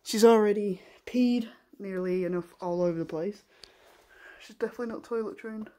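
A woman filming a casual home vlog in her living room, talking softly and in coaxing baby talk to a puppy, often half-whispering, on a handheld camera. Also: medium pitch, moderate pace. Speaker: vlogger.

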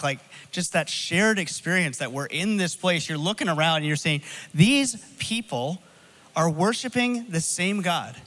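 A man's voice: a little high, a bit bright. A man preaching as pastor, earnestly encouraging his congregation. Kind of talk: sermon.

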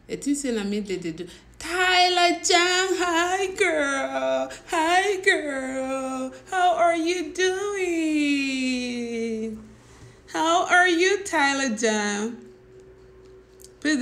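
A woman with a Nigerian accent hosts a livestream, chatting casually with viewers, mixing in pidgin and laughing often. Her voice is medium in pitch and a bit bright.

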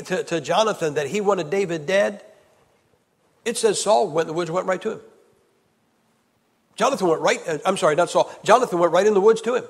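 In a large church hall, a male evangelist preaches a sermon in a high, ringing voice with long reverb. He is emphatic, asks rhetorical questions constantly, and swings between loud, driving declarations and hushed storytelling.

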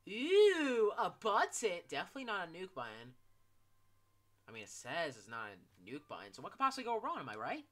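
A young man giving gameplay commentary. He talks in an animated, joking and profane way, with sudden shouts. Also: sits high, fairly quick. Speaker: gaming YouTuber.

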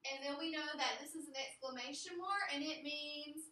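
High bright-voiced woman teaching a class. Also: moderate pace. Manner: firm, drilling, repeats rules and cues the class. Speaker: elementary school teacher. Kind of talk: classroom phonics instruction. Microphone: camera at a distance. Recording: echoey classroom, far-off mic, faint hiss.

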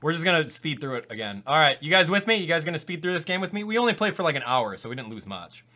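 Young male game streamer, higher pitched, animated, erupts into shouts of disbelief. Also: fast talker. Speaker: gaming YouTuber. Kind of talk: live-stream gameplay commentary.

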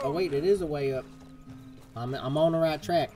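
A young man chatters through his live playthrough in a playful, put-on country drawl. His voice sits a touch high, and game music plays underneath him throughout. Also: sing-song, moderate pace. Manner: jokey, fake folksy cowboy talk. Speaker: gaming streamer. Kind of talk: casual live gameplay commentary.

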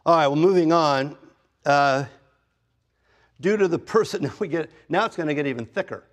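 An older man, fifty or beyond, preaches an expository sermon in a church sanctuary at a normal speed. He keeps it conversational, pokes fun at himself along the way, and swings his pitch and volume widely to stress his points.

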